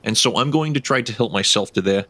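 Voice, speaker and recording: A man's voice: lowish voice, fast, sharp tone, no echo. A man voicing a laid-back, shady male rogue in a tabletop game. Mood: breezy.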